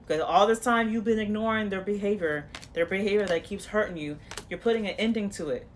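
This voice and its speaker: Woman tarot reader, casual monologue, blunt and profane, coaching tone, rambles and restarts, mid-pitched voice. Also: fast talker, a little hiss or hum. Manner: rambling with frequent restarts and "you know".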